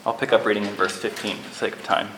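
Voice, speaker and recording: A man preaching a sermon in an earnest, measured way, who opens with a prayer and reads from scripture. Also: lowish voice, little pitch movement, music in the background, poor audio. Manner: earnest, measured, briefly acts out quoted lines.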